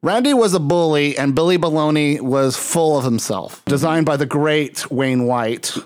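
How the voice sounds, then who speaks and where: A man's voice: on the high side, moderate pace, no echo, studio quality. A man hosting a casual podcast chat, telling rambling stories. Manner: rambling, storytelling. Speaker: podcast host.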